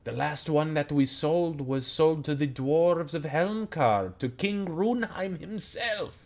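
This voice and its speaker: A man voicing a solemn female goblin priestess who speaks in a formal, measured, quiet way that at times drops to a whisper. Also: on the high side, animated, voice pushed up. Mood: hushed. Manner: formal, measured, soft-spoken, sometimes whispered.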